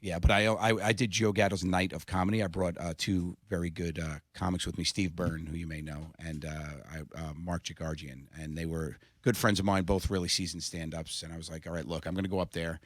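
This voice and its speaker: A middle-aged man with a low voice rattles through stories at a fast clip, animated and laughing often. He sounds close to a studio mic in a dry room. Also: no echo. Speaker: comedian guest. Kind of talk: casual interview storytelling.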